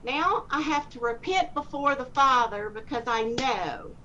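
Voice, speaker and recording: Woman, fairly high voice, rambling animated storytelling, muffled recording, faint hiss. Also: measured pace. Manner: animated, rambling, acts out dialogue. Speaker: speaker sharing a testimony. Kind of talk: casual personal storytelling.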